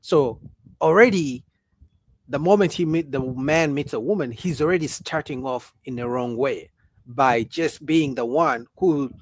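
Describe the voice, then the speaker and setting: A man talking on his own livestream in a casual, animated way, firing off rhetorical questions and answering chat comments. His voice sits a little higher than most men's. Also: dry recording. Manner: reads out viewer chat comments. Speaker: livestream host.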